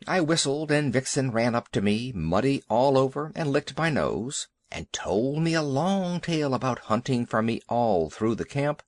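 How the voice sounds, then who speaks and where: A man narrating a children's audiobook in a lively, expressive way. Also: medium pitch, moderate pace, few pauses, no room sound. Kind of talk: storybook narration.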